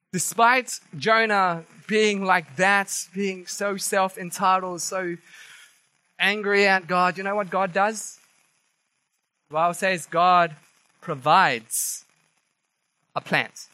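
A man preaching a sermon, telling the story in a lively, animated way and acting out quoted voices. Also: high voice, no room sound, low-quality recording.

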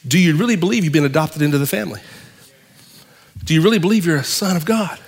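A male pastor preaching a sermon, with dramatic pauses and swings from loud to hushed. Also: on the high side, lively intonation, husky, in a large hall.

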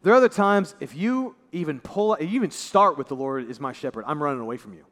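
A man's voice: lively intonation, fast talker. Man preaching in an echoing hall. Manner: conversational preaching, voice drops low and soft for emphasis. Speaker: pastor. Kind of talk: sermon. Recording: long reverb of a large hall.

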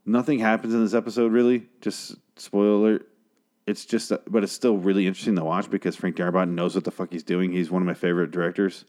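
Hushed man recapping a show late at night. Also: sits low, level tone, quick pace. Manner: hushed, keeping quiet late at night, swears often. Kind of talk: casual episode recap. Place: home at night, a girlfriend asleep in the next room.

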